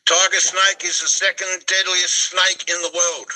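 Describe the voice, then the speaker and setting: A man's voice: sits high, level tone, moderate pace, pushed and bright, low-quality recording. A man in his sixties with an Australian accent, chatting as a guest in a blunt, laconic way and swearing freely. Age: 60s. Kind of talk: casual chat.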